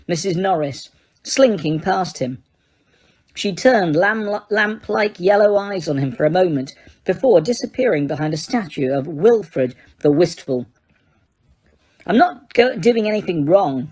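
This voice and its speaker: A woman narrating an audiobook in a steady reading voice, sometimes correcting a slipped word. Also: on the low side, husky.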